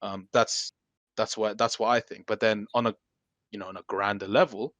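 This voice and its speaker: A man hosting a casual podcast discussion, talking in halting restarts as he thinks his view through. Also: fairly low pitch, fairly even intonation, fairly bright tone, dry recording, lo-fi sound. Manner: hesitant, many restarts, thinking aloud.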